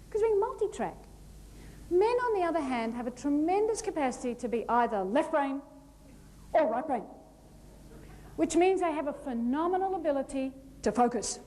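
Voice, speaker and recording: A woman giving a humorous keynote talk on stage, animated and playful, acting out little scenes. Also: high-pitched, a little hiss or hum. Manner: lively, animated, playful storytelling with acted-out asides. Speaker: motivational speaker. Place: large hall before a live audience.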